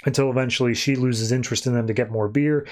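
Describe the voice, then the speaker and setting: A man's voice: mid-range voice, steady tone, fast, a little mellow. A man hosting a podcast, casually retelling a comic issue in a chatty, loose way with plenty of fillers. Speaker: podcast host. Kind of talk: casual comic book recap.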